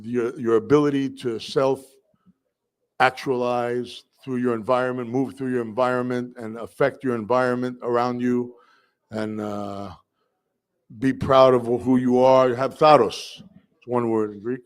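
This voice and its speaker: A middle-aged New York City man tells a personal story with lively, animated flair, imitating voices and breaking into shouts. His mid-range voice is unhurried, clear and resonant.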